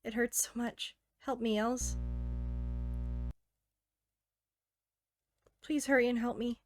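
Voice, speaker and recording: A woman reading aloud as a self-aware teenage game girl, earnest and intimate, softly pleading. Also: a little high, fairly even intonation, moderate pace, a little hiss or hum, natural voice. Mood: pained.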